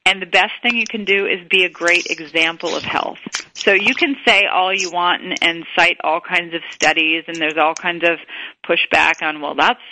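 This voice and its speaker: A woman's voice: deep voice, bright, forceful tone, rough recording. A woman guest in an interview, talking enthusiastically and restarting her sentences often. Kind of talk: casual interview talk.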